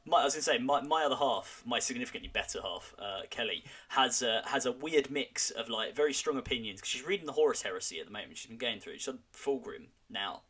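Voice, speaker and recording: Guy hosting a podcast, chatty storyteller, bright voice. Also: mid-range voice, animated, fast, few pauses, breathy edge. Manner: chatty storyteller who slips into quoted voices. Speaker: podcast host. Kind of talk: casual chat.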